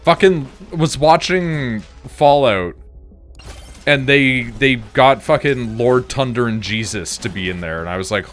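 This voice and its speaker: With soft music in the background, a Canadian man games and rambles in a mid-range, slightly bright voice that's animated but unhurried. He curses liberally and leans heavily on "like" as filler.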